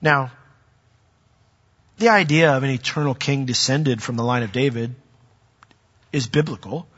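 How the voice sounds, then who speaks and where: Husky bright-voiced pastor preaching, acts out stories, dull echoey hall recording. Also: male voice, medium pitch, measured pace. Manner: animated storytelling, acts out voices. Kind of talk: sermon.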